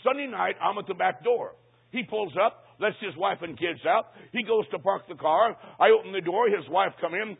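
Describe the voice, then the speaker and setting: A man's voice: high-pitched, animated, moderate pace, gravelly, slightly rough. A man preaching a comedic sermon, telling a story in a folksy, punchy way. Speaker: traveling preacher. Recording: tinny phone-like sound.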